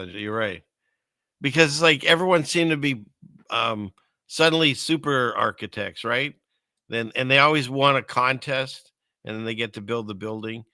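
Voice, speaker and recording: A man's voice: medium pitch, gravelly, bright, forceful tone, no echo, clean studio sound. A man hosting a show, rambling skeptically through casual commentary while he browses, with many restarts. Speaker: show host.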